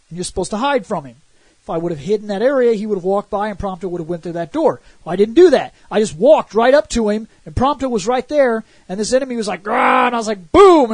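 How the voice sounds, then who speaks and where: A male co-host on a laid-back gaming podcast speaks in a voice that sits high, recorded with no echo. He tells animated stories, acts out the quotes, and swears a lot.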